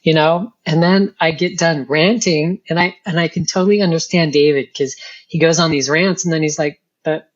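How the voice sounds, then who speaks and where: A woman's voice: low voice, steady tone, moderate pace. A middle-aged woman, a guest on an interview show, telling her personal story and acting out her past rants as she goes. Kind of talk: personal testimony in conversation. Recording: dull lo-fi sound.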